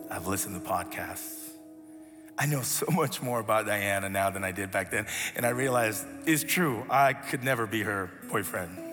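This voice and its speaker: A man giving a storytelling sermon as a pastor, animated, acting out voices and sinking to a soft hush. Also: lowish voice. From grew up as an immigrant. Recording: reverberant hall with faint music.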